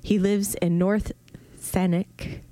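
A woman's voice: on the low side, normal speed, darkish tone, dry recording. A woman hosting an interview, eager and rambling, often restarting her questions. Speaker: interviewer host. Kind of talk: conversational interview.

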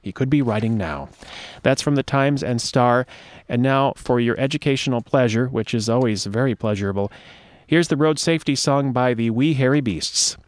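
A man's voice: mid-range voice, moderate pace, no echo. A man hosting a radio show, chatting in a wry, digressive way and reading old wartime slogans aloud. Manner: wry, digressive, asides to listeners. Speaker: radio host. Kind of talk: casual radio talk with read-out history.

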